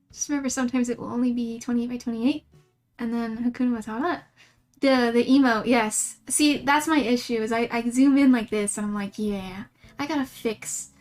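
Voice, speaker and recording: A young woman streams live while drawing, chatting casually in a rambling, giggly, self-mocking manner. Her voice is on the high side with a darkish tone.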